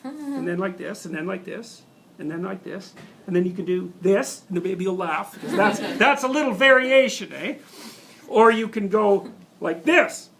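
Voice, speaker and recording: Animated high-voiced man lecturing. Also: moderate pace, gravelly, slight background noise. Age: 50s. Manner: animated, laughs often, digressive with restarts. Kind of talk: university lecture. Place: lecture hall with students.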